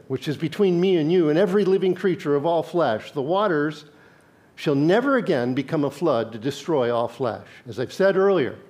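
A man's voice: a little high, darkish tone. Conversational man preaching a sermon. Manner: conversational preaching, quizzes the congregation. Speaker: pastor.

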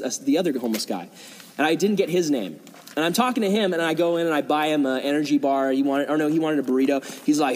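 A young man, a youth pastor, telling a story in a sermon, animated and acting out quotes with casual fillers, in a large hall before an audience. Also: fairly high pitch. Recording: long reverb in a hall.

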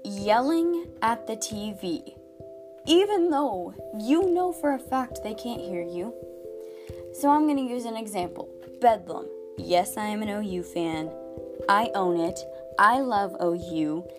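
A woman's voice: mid-range voice, animated, a little slow, music in the background. A teenage girl hosting a podcast, talking in a chatty, exaggerated comedic monologue full of "like". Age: teens. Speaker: podcast host.

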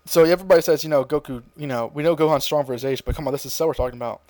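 A young man co-hosting a podcast, rambling through a casual episode recap and slipping into quick impressions of characters. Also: on the high side, darkish tone, no echo. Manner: rambling, mimics characters' lines in quick voices. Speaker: podcast co-host.

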